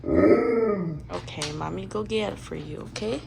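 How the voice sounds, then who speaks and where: A woman's voice: medium pitch, unhurried, gravelly, noisy background. A woman vlogging at home as a stay-at-home mom, talking to her dogs in doting baby talk. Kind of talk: casual vlog narration. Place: home indoors.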